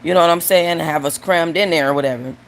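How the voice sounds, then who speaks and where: A woman's voice: deep voice, fast talker, slight background noise. Blunt, joking woman telling stories. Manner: crude, joking and blunt, addresses the audience directly. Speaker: host. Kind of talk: casual storytelling and joke telling.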